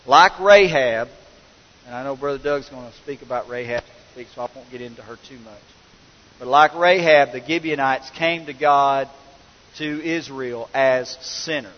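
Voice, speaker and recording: Folksy preacher in an echoey hall. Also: male voice, medium pitch, normal speed. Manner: folksy storytelling, swelling to emphatic preaching. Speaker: pastor. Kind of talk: sermon. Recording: echoey church hall, dull lo-fi sound.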